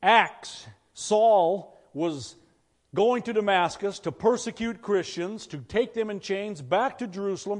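A pastor preaches a sermon in a conversational way, putting questions to the congregation. His voice is high-pitched with a darkish tone, and the long reverb of a church hall surrounds it.

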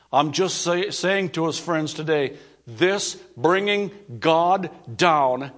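A man's voice: high-pitched, fairly bright tone. A male pastor preaching a sermon, earnest and emphatic, repeating key phrases for weight.

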